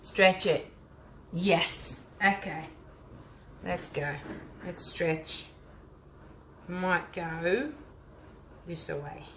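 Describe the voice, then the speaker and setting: Her lowish voice draws out words and pauses often as this Australian art teacher and vlogger paints for live viewers. She chats casually, offering friendly, teacher-like asides, in a space with roomy echo and a faint hum.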